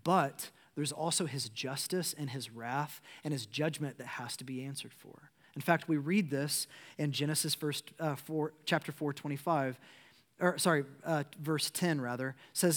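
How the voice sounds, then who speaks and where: An earnest male pastor delivering a sermon in a fairly high voice. He talks plainly to his congregation, swinging from urgent, pressing emphasis down to quiet, soft lines. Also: moderate pace.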